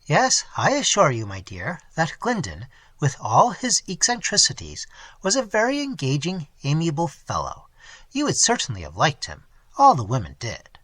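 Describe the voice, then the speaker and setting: Man playing staid earnest husband, a bit peevish, very lively pitch, husky, dry close reading. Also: moderate pace, no room sound, heavily acted. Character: staid, comfortable middle-aged husband.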